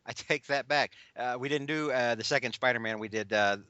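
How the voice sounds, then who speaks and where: A man co-hosting a podcast, joking in animated casual banter. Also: mid-range voice, fairly quick, clean tone, no echo, lo-fi sound. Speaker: podcast co-host.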